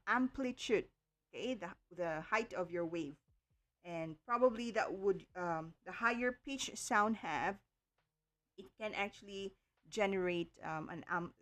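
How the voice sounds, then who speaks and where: Woman online tutor, mid-pitched, unhurried, explains step by step. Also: fairly bright tone. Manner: slow, careful explaining with frequent okays and ums. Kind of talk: livestream lesson.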